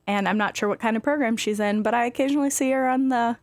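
A woman's voice: on the high side, fast, dry recording. A woman in her twenties from California, a medical student co-hosting a casual podcast, chatty and self-deprecating.

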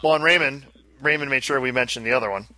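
A man's voice: mid-range voice, fast talker, bright, forceful tone, no room sound. A man co-hosting a casual podcast chat, talking in a rambling way and often repeating his words. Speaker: podcast co-host.

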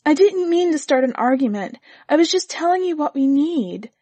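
A woman voicing a tense young wife in a read-aloud story, pitching her voice higher and speaking with earnest strain. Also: lively intonation, moderate pace, dark tone, dry recording. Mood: pleading. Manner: earnest, strained, rising to anger.

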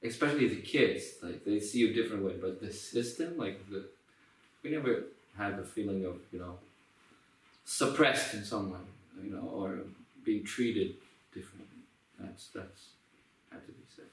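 A man from Israel with a Yemenite Israeli accent, talking as an interview guest in a halting way, with many restarts. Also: lowish voice, echoey room, recorded from a distance, poor audio. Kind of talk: casual interview.

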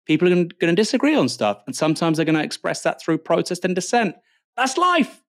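A man's voice: a little high, animated, racing, no echo, studio quality. A middle-aged man giving emphatic, exasperated political commentary, often repeating himself for effect. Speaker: guest commentator.

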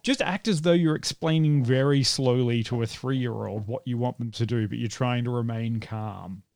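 A man's voice: mid-range voice, moderate pace, vocal fry, darkish tone, no room sound, studio quality. A man hosting a casual film review podcast, joking around and laughing often between rambling asides. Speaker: podcast host.

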